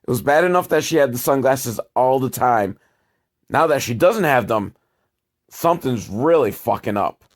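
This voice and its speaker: A man's voice: mid-range voice, animated, moderate pace. A man giving a casual, rambling and sardonic movie recap, swearing freely and second-guessing himself. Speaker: movie reviewer.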